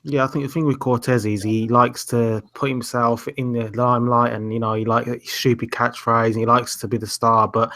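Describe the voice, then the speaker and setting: A man's voice: medium pitch, level tone, fairly quick, few pauses, bright, forceful tone. A man co-hosting a live boxing podcast, chatting in a casual, opinionated way. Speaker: podcast co-host.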